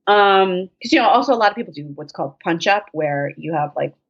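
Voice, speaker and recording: A woman's voice: fairly low pitch, a little fast, breathy edge. Jokey, foul-mouthed woman, lo-fi sound. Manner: profane, jokey, animated storytelling. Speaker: podcast guest. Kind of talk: casual chat. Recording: dull lo-fi sound.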